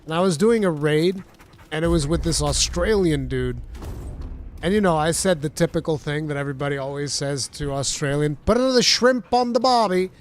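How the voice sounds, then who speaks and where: A man's voice: on the high side, normal speed. A man streaming a game, chatting casually and thinking aloud as he plays. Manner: thanks chat viewers warmly. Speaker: gaming streamer. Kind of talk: casual let's-play commentary.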